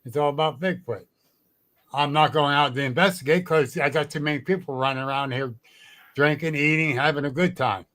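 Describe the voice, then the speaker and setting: A cryptid researcher appears as a guest in a casual storytelling chat, his voice on the high side, brisk and a bit bright. He tells his stories bluntly and saltily, cursing plenty and laughing often.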